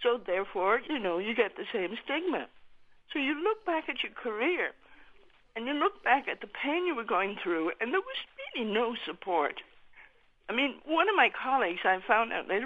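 An older woman calling in to a radio show, upset and near tears, speaking in a halting, emotional way. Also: a little high, big pitch swings. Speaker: caller. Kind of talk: call-in radio. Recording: tinny phone line.

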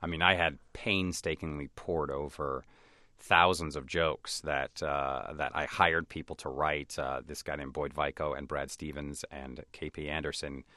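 An American man being interviewed, telling stories in a lively way and acting out the voices of others. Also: very deep voice, measured pace, no room sound, clean studio sound. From United States. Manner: animated storyteller who acts out voices of others. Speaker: actor and comedian guest. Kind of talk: conversational interview.

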